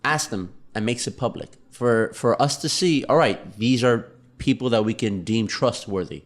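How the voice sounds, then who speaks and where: A man co-hosting a casual talk show, jokey and quick with wry asides. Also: medium pitch. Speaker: podcast co-host. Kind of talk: casual chat.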